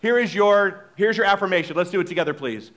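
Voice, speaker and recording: Guy preaching sunday talk, kinda high voice, loose and chatty. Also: fast talker, fairly bright tone. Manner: chatty and informal, with restarts. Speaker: minister. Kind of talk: sermon. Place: church sanctuary.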